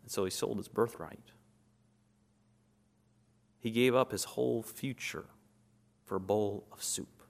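A man's voice: on the low side, steady tone, measured pace, vocal fry, long pauses. Man preaching, questioning his listeners. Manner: asks the audience questions and answers them; acts out short scenes in quoted voices. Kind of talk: sermon.

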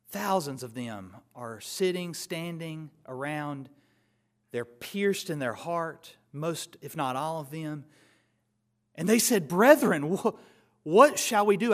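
Slightly high in pitch, this man preaches from scripture, pushing toward loud, insistent contrasts before his delivery drops back.

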